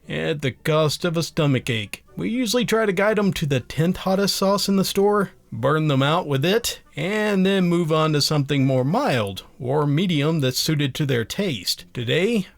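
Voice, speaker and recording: Man narrator, sarcastic and exasperated, somewhat high voice, dry voice-over. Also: dry recording. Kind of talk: scripted story narration.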